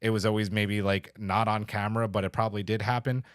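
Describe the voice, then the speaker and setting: A podcast co-host with a low, flat voice talks fast in a studio-quality recording with no room sound. In a casual review chat, he's enthusiastic, swears now and then, and reads out listener comments.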